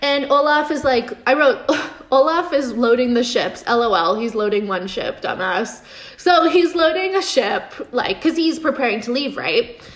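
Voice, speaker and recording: A woman casually recapping a TV episode in a chatty way, full of fillers and quick laughs. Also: a little high, lively intonation. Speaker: show recap host. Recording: roomy echo.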